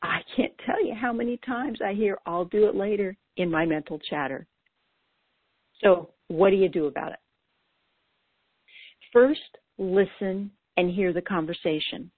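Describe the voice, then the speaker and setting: A woman's voice: medium pitch, measured pace, long pauses, husky, no echo. Woman coach on a tinny phone-like line. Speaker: ADHD coach. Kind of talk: scripted coaching talk. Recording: dry, tinny phone-like sound.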